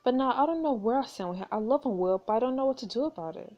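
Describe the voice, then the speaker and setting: A woman's voice: fairly high pitch, animated, fast talker, highs cut off. A woman voicing a young noblewoman in a story game, confiding her worries about her fiancé in an earnest way. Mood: wistful.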